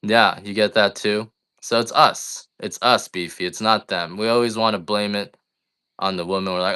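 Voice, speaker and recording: A man's voice: on the low side, steady tone, moderate pace, sharp tone, clean tone. A middle-aged man who sells coffee on a livestream, chatting in a blunt, rambling, complaining way. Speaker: coffee farmer selling on a livestream. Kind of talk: casual livestream chat.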